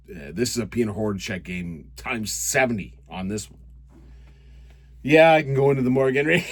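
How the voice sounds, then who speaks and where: A man's voice: lowish voice, slightly rough. Sarcastic man ranting. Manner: sarcastic, rambling. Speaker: host. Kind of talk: casual hockey recap rant.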